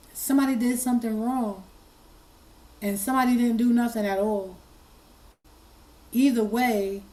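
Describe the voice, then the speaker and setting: A woman talks to her audience with a hoarse, tearful voice that she keeps steady. Her tone is dark and mellow and stays mostly level. She is earnest and repeats herself as she presses on. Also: medium pitch, rough recording. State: hoarse, fighting tears. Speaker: commentary channel host. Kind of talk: emotional commentary.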